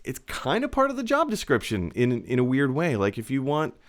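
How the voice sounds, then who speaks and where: A male host runs a casual film-chat show in an upbeat, chatty way. His pitch swings around a lot, and he sprinkles in fillers as he reads viewer comments. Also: wildly swooping pitch, a little fast.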